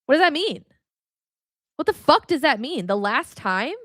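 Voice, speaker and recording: Blunt, animated woman teaching faith. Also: sits high, moderate pace, dry recording, studio quality. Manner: blunt, cusses freely, animated rants. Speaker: podcast host.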